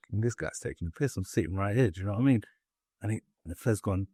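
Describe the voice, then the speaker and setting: A man's voice: fairly low pitch, expressive, fairly quick, pauses often, warm tone, no room sound, studio quality. A young man from England, telling his life story bluntly in a casual interview, swearing and acting out what people said. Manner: blunt, swearing, acts out voices in quotes, many fillers.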